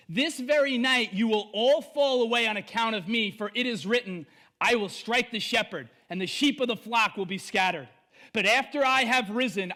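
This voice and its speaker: A male pastor preaching an online sermon to viewers at home, animated and emphatic with playful asides. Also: sits high.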